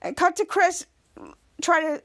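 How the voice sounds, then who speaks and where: A woman's voice: very high-pitched, steady tone, unhurried, fairly bright tone. A woman hosting a podcast, rambling through an episode recap with many fillers and restarts. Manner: rambling, filler-heavy retelling. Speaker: podcast host.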